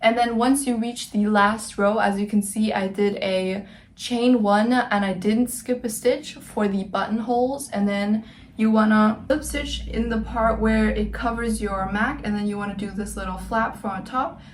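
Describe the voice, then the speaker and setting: A young woman talks about her crochet in a loose, rambling way, full of "like" and "um". Her voice sits at an ordinary middle pitch. The room is echoey, with a faint hiss underneath. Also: steady tone, unhurried. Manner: chatty, rambling, filler-heavy. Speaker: crochet vlogger. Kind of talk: casual show-and-tell vlog.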